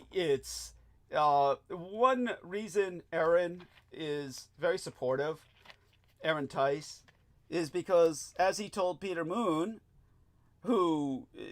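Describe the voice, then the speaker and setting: Male talk host, slightly high voice, rambling and profane lectures. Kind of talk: casual talk-show monologue.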